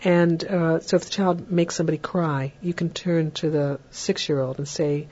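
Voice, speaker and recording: Dark husky-voiced woman lecturing on parenting. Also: fairly even intonation, moderate pace, few pauses. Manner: warm, chatty, acts out parent lines in a lilting higher voice. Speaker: parenting educator. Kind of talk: recorded lecture. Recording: dull lo-fi recording.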